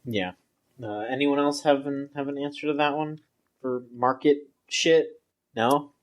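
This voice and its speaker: A man's voice: medium pitch, steady tone, measured pace. A man co-hosting a game podcast in casual chat, loose and blunt with many fillers. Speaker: podcast co-host.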